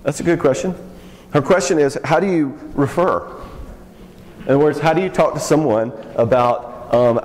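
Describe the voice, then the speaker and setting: A man teaching youth workers in a casual, frank talk, joking and throwing in quick asides. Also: on the high side, darkish tone. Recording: long hall reverb.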